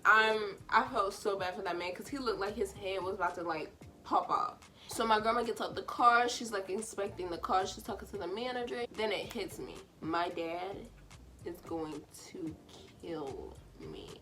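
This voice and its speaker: A woman in her twenties telling a story from home in a chatty, animated way. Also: medium pitch, a little fast. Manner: animated and chatty, full of fillers. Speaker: vlogger. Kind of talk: casual storytime.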